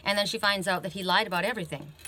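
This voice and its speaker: Racing along in a bright, forceful, mid-pitched voice, a woman does an oracle card reading over slight background noise. Her storytelling is casual and meandering, full of self-interruptions and restarted sentences capped with "you know" and "right?".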